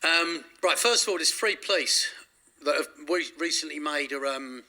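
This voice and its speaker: A man's voice: a little high, normal speed, pushed and bright. A man telling his story in an interview, rambling with frequent restarts and corrections. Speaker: interview guest.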